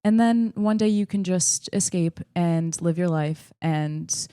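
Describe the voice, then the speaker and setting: A woman comedian offering deadpan, faux-therapeutic advice in a comedy game. Her voice is low and mellow, and the recording is close and dry. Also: takes it slowly, smooth, no room sound. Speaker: comedian contestant.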